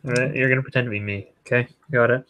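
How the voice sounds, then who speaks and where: A man's voice: medium pitch, fairly even intonation, quick pace, bright, forceful tone. A man in casual chat who teases his friend dryly while they build Lego. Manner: dry, teasing. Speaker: co-host and Lego collector.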